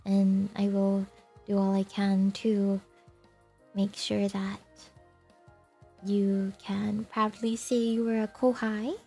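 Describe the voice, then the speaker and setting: A young woman streamer talks to her viewers in a slow, gentle way, her voice gravelly with vocal fry. She laughs often and sounds teary as she chats. Faint music plays behind her. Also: medium pitch, completely flat delivery. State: crying. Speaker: VTuber streamer. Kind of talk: casual chat with viewers.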